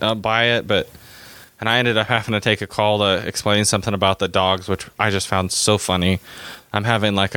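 A man's voice: fairly low pitch, bright, forceful tone, clean tone, dry recording. A man casually recounting a trip, rambling and quoting people he met along the way. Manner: rambling, retelling a trip with quoted dialogue. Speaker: trip storyteller. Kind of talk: casual chat.

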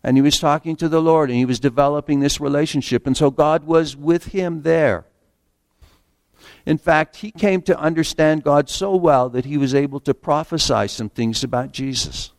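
A man preaching a sermon in an earnest way, slowing down to read scripture aloud and stumbling over the odd restart. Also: on the high side, no echo, clean studio sound.

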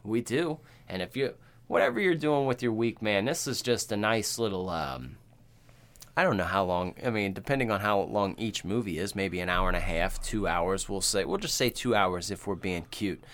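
Lively low-voiced joking man. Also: moderate pace. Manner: crude, joking, rambling. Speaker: podcast co-host. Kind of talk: casual podcast chat.

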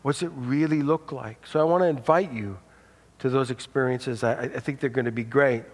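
A man's voice: medium pitch, normal speed. Male pastor, sermon delivery, earnest, repeats openers, long church-hall reverb. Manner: earnest, repeats words when starting phrases.

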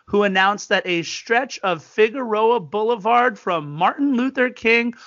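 A high, bright-voiced man co-hosting a casual sports podcast, chatty and quick to act out the people in his stories. The sound is dry and a little dull, like a modest home setup. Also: no room sound. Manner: chatty storyteller, animated quoted voices. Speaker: podcast co-host.

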